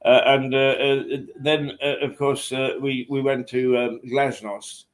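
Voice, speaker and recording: A man's voice: medium pitch, level tone, measured pace. Man hosting a casual chat. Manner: hesitant, full of fillers and restarts. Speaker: host. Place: hotel.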